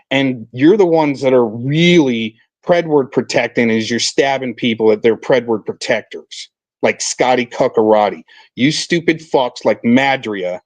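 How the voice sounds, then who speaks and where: A man's voice: medium pitch, no room sound. A man hosting a livestream, ranting and hurling profane insults. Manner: profane, shouting insults, aggressive. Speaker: stream host. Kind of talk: heated livestream rant.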